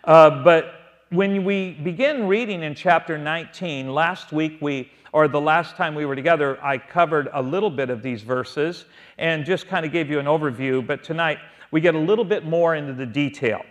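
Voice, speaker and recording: A man's voice: fairly high pitch, normal speed. A man leading a verse-by-verse Bible study, asking his listeners questions and answering them himself. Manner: asks the audience questions and answers them, stretching key words. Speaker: Bible teacher.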